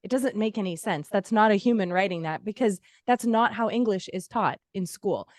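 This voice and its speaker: A woman talks in casual podcast chat, blunt and foul-mouthed. She acts out angry exchanges in quick bursts. Her voice sits close and dry on the mic. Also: medium pitch, a little mellow, no echo. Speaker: podcast guest.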